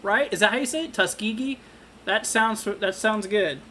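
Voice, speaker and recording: A young man hosting a live severe-weather stream, talking casually with lots of fillers and halting restarts while reading viewer comments. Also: high-pitched, bright, forceful tone, slight background noise. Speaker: livestream weather host.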